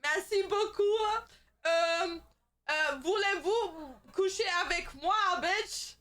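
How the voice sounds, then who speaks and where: A woman's voice: very high-pitched, takes it slowly, a bit bright, voice pushed up, full character voice. A woman putting on a caricature of a brash, snooty Parisian woman, speaking in an exaggerated, theatrical way as a comic bit on a livestream.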